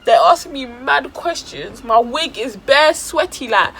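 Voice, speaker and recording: A woman's voice: high-pitched, lively intonation, unhurried, a bit bright, slight background noise, rough recording. A woman telling a dramatic story in casual slang for her vlog. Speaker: vlogger.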